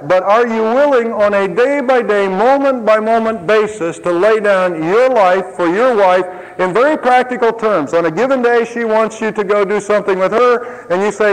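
Male pastor, high voice, sermon with dry humor and dramatic drops, church reverb. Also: normal speed. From lived in Ohio. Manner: swings between emphatic rises and low quiet asides; tells humorous anecdotes to the congregation. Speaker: preacher.

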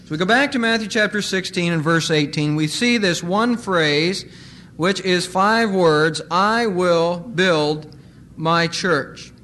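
A male pastor preaching a sermon, slowing to stress single words. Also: sits high, bright, forceful tone, slight background noise.

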